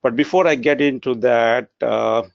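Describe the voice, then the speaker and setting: A man's voice: medium pitch, moderate pace, gravelly, dry recording. A man giving a webinar presentation in an earnest tone, with frequent filler sounds. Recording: dry, dull lo-fi webinar audio.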